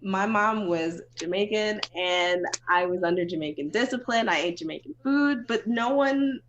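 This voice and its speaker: A woman's voice: mid-range voice, normal speed, lo-fi sound. An American woman from Florida in a casual panel discussion, talking emphatically and with exasperation, often repeating herself for effect. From Florida, United States.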